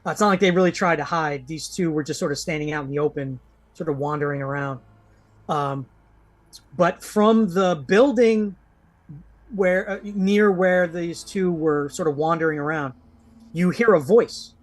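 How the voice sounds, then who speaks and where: A man's voice: on the high side, normal speed. A man narrating as game master in a live-play tabletop game, describing scenes in a rambling way full of fillers.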